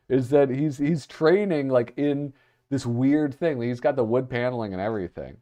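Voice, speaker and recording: A man's voice: medium pitch, moderate pace, dark tone. A man hosting a livestream, chatting casually as he flips through art. He gets distracted easily and reads out chat comments. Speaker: livestream host.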